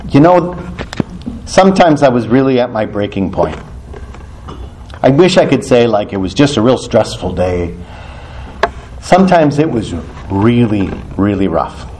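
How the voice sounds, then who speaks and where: A man's voice: mid-range voice, sing-song, a little slow, long pauses, darkish tone, a little hiss or hum. A male priest preaching in a church, telling stories animatedly, often laughing and acting out the dialogue. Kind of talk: storytelling sermon.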